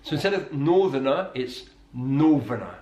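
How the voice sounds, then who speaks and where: A man teaching English accents in scripted narration, slowing down to demonstrate sounds. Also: medium pitch, dull audio. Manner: explanatory, demonstrates sounds slowly. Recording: roomy echo.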